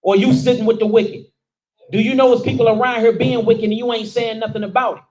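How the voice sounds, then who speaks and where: Man, high voice, preacher, informal dialect, questioning the room. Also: level tone, brisk, darkish tone, low-quality recording. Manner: calls out questions and answers to the room. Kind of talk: sermon teaching.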